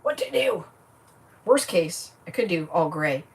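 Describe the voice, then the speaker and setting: A woman rambles through her craft project, thinking aloud in a casual, easygoing way. Her voice sits on the low side and is picked up from a little away from the mic. A faint hiss of noise runs underneath. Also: big pitch swings, a little slow, distant mic. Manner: chatty, thinking aloud as she works. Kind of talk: casual chat while crafting.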